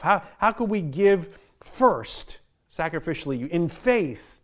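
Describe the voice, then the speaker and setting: A man's voice: sits high, expressive, slow pace. A man preaching a sermon as pastor, earnest and often repeating the first word of a phrase. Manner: earnest, repeats words when starting phrases.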